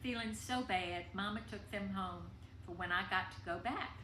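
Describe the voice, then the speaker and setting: Bright-voiced woman reading a family story. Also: medium pitch, normal speed. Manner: tender, emotional reading. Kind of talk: reading a personal story aloud. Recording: echoey room with faint background noise.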